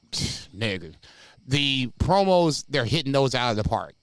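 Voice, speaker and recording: A man's voice: mid-range voice, a little slow, dry recording. A man co-hosting a casual wrestling podcast, emphatic and profane. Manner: animated, emphatic, profane, laughs often. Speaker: podcast co-host.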